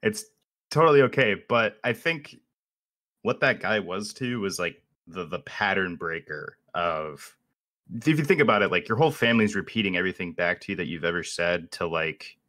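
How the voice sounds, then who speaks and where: A man's voice: sits low, expressive, normal speed, pushed and bright, dry recording, clean studio sound. A man hosting an interview, responding to his guest in a thoughtful, affirming way. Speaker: interviewer, host. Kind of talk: reflective conversational interview.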